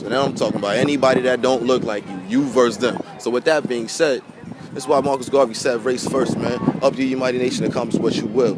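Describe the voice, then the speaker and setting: A man giving an impassioned, emotional monologue to camera outdoors by a pier, preachy and repetitive, swearing and calling his viewers family. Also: medium pitch. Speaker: vlogger. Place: outdoors by a pier near water. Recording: outdoor wind and water noise.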